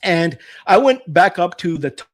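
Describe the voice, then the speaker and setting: A middle-aged man hosting a live stream, telling childhood stories in a casual, animated way and acting out the lines of the people in them. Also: high voice, moderate pace. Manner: animated, acts out his own and others' lines. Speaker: host of a live nostalgia stream. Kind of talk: casual storytelling.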